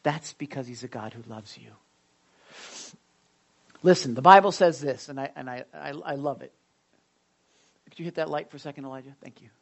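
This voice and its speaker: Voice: medium pitch, moderate pace, creaky, long pauses. A pastor giving a conversational sermon in a church service, often stumbling over and repeating words and asking the congregation questions.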